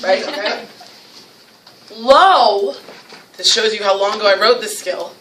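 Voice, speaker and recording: A woman with a North Jersey accent leading a teacher training workshop, lively and acting out classroom scenes. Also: medium pitch, unhurried, noisy background. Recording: echoey room, mic from far off.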